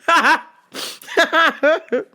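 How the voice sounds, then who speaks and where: Woman host ranting funny stories, swears a lot, cracks up laughing, slow drawl, bright voice. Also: sits high. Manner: animated, profane, laughing often. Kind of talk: comedic storytelling monologue.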